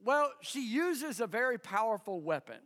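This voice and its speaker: Man, pastor, sermon, high voice, slow delivery, animated storytelling, long hall reverb. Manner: animated, acts out quoted voices, chuckles often.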